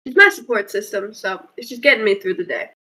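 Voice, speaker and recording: A woman's voice: mid-range voice, bright, forceful tone, breathy edge, poor audio. A woman playing an awkward male security guard. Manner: awkward, halting, rambling.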